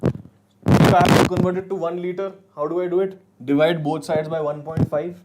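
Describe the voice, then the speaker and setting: A man's voice: fairly high pitch, level tone, moderate pace, heavy background noise. Chatty Indian man teaching chemistry. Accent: Indian English. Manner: casual, chatty, mixes in Hindi, jokes with students. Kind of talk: live online class lecture.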